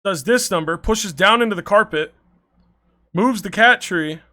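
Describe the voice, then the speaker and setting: A young adult man streaming, telling stories to his chat in an animated, laughing way with frequent swearing. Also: high-pitched, unhurried. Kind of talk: casual storytelling to chat.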